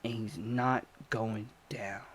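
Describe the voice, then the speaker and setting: A young man telling a story in a casual vlog, animated and slangy, swinging from low mutters to excited outbursts. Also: takes it slowly, husky. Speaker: storytime vlogger.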